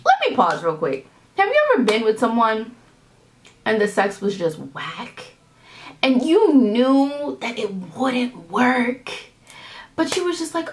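A woman from New York City chats through a tarot reading in a casual vlog. Her voice sits a bit high and jumps up and down as she talks. She is animated and rambling, loose with slang and profanity. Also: measured pace. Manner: animated and chatty, slangy and profane, rambling with big swings in pitch. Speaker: tarot reader.

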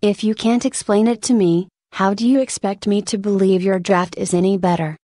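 A woman voicing a calm, wry female mentor in a spoken story reading. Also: medium pitch, normal speed, dry recording, lightly acted. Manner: calm, dry.

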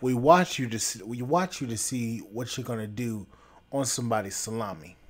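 A man's voice: mid-range voice, moderate pace, husky. A man hosting a podcast, delivering a blunt, repetitive, scolding opinion rant. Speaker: podcast host.

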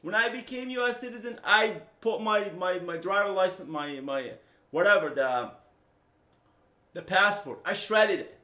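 A middle-aged man, a native Arabic speaker from the Middle East who owns a software company, ranting to camera with passion, repeating himself and swinging between loud and low. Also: a little slow, roomy sound. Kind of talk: unscripted rant to camera.

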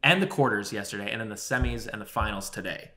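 A man co-hosting a podcast, telling a long story in a rambling, animated way with lots of swearing and filler words. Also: fairly low pitch, fast. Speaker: podcast co-host. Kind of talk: casual storytelling chat.

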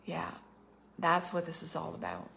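A middle-aged woman from Canada giving livestreamed prophetic teaching, emphatic and fervent, slowing down to stress key phrases and rushing through asides. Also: lowish voice, steady tone, a bit bright, slight background noise. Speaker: prophetic minister and school leader.

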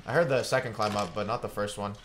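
Profane, excitable young male streamer. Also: on the low side, quick pace, slight background noise. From Georgia, United States. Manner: profane, excitable, chatty with viewers. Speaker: game streamer. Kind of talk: casual live gameplay commentary.

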